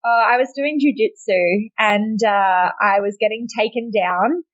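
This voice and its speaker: A woman's voice: mid-range voice, a little slow, no echo, muffled recording. A young Australian woman, a podcast guest, chatting casually and laughing often at herself.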